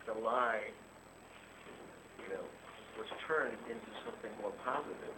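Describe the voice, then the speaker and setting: A man with a fairly low voice asks a question tentatively, rephrasing as he goes. He sounds like he is in an echoey room. Clear background noise runs under his voice. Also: measured pace. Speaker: interviewer. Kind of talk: conversational question.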